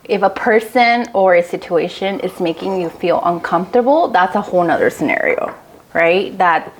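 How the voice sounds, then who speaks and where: A woman guest on a podcast in casual chat, candid and expressive, laughing easily. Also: on the low side, normal speed, poor audio.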